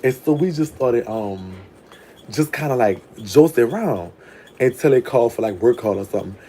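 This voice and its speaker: New guy spilling a story, cussing a lot, mellow soft tone, a bit of hiss. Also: medium pitch, expressive, moderate pace. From New Orleans. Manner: frank, profane, chatty, with laughs. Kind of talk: casual storytime monologue.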